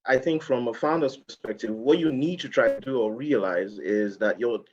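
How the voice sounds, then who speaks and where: A man on a webinar panel who speaks haltingly as he starts to answer. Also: mid-range voice, highs cut off, a little hiss or hum. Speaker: panelist, former finalist.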